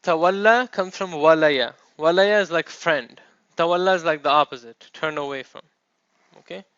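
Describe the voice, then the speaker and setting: A man's voice: a little high, moderate pace, fairly bright tone, smooth, dry recording. A man teaching a classroom lecture, explaining step by step and checking in with his students. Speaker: Arabic teacher. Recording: dull, dry classroom recording.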